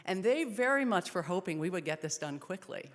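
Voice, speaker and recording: At a pregnancy center event, a woman in her thirties shares an earnest personal testimony, her voice softening in sad moments. She speaks fairly quickly in a lowish voice with big pitch swings, and the event hall carries a long reverb.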